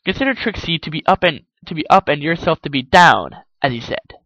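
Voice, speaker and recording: Man doing a showy unicorn mare, theatrical, third-person boasts, higher voice, dry sound. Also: very animated, a little fast, pushed and bright, dry recording, muffled recording, full character voice. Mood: playful. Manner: grand, theatrical, speaks of herself in third person.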